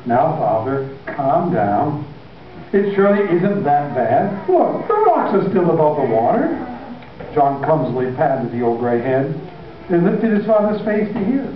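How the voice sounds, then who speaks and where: Smug grown sons soothe and patronize in a breezy, high voice, as a preacher plays them. The voice is dull and comes from far back in a hall with heavy echo. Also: male voice, big pitch swings, a little slow, a little hiss or hum.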